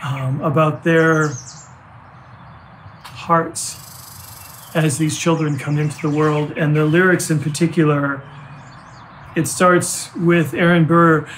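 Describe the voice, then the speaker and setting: An older man, a pastor and grandfather, preaching a heartfelt sermon with earnest, halting restarts. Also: a little high, little pitch movement, fairly bright tone, slight background noise.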